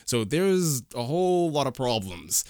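A man talks through a movie in casual chat at an ordinary, middle pitch, retelling scenes in detail. His voice sounds dry and close, with no room echo. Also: very animated, unhurried, darkish tone. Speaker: movie reviewer.

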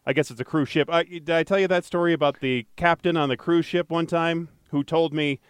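Smooth-voiced, jokey male podcast host. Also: on the high side, fairly even intonation, fairly quick, dry recording, clean studio sound. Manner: rambling, self-correcting, jokey. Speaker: podcast co-host and traffic anchor. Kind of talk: casual podcast banter.

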